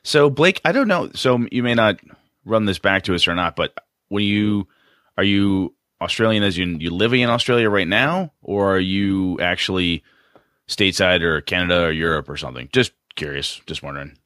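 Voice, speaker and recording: A man's voice: sits low, normal speed, a bit bright, no echo, clean studio sound. A man co-hosting a casual podcast, chatty and rambling, often restarting his sentences. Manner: rambling, chatty, self-interrupting. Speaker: podcast co-host.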